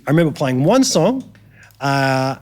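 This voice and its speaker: A man's voice: mid-range voice, very animated, a little slow, a little mellow. A man with an Australian accent, a guitarist guest telling stories in a casual podcast chat, laid-back and slangy with many ums and restarts.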